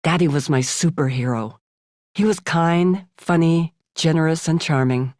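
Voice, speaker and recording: A woman from the United States in her seventies reads aloud from her memoir for an audiobook, her tone frank and sardonic. Her voice sits low with a darkish quality, she takes her time, and the studio recording has no echo.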